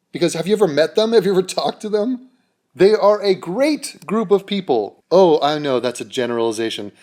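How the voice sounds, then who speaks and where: A man's voice: fairly high pitch, a little mellow. A man delivering a mocking, sarcastic vlog rant straight to camera. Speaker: YouTuber.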